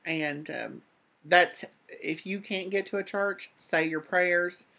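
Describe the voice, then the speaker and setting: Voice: medium pitch, slow, gravelly, bright, forceful tone. A vlog host earnestly comforting a viewer and sounding close to tears, often repeating phrases. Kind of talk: heartfelt advice to a viewer.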